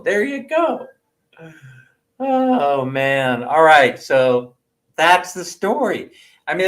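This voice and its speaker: Brief: American man, livestream host, casual, teasing and rambling, mid-pitched, laughs at his own story. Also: a bit bright.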